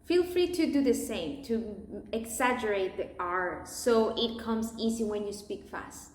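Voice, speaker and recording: A woman teaching pronunciation, modelling words one at a time and deliberately exaggerating sounds so learners can repeat them. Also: a little high, a little mellow, roomy sound. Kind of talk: pronunciation lesson, listen and repeat.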